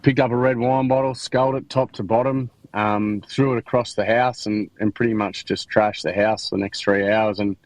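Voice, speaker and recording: A man's voice: lowish voice, fairly even intonation, moderate pace, few pauses, no room sound, low-quality recording. A man with an Australian accent, a podcast guest telling his life story in a frank, slangy way, with many restarts and fillers. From Queensland, Australia. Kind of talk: candid interview storytelling.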